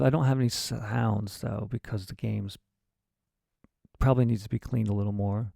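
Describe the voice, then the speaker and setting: In a studio-quality recording with no echo, a man with a warm, gravelly mid-range voice talks through the plot of a short story he's writing. He livestreams this process as casual thinking aloud, with fairly even intonation, a moderate pace and long pauses. His talk rambles and often fades into muttering.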